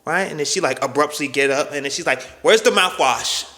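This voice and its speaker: A man telling a profane, animated story in a casual storytime monologue, punctuating it with "right?" and "boom.". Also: quick pace. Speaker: storyteller vlogger. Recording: echoey room with long reverb.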